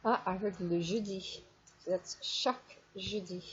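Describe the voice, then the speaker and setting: A woman teaching French in a recorded online lesson. She explains step by step and says French examples slowly and clearly. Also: medium pitch, steady tone, noisy background. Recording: dull lo-fi screen recording.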